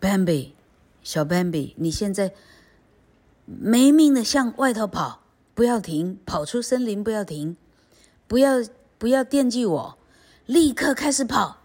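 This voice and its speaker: A woman's voice: fairly low pitch, lively intonation, slow pace, pauses often. A woman voicing a protective mother deer who urges her fawn to run, reading a storybook aloud. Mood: urgent.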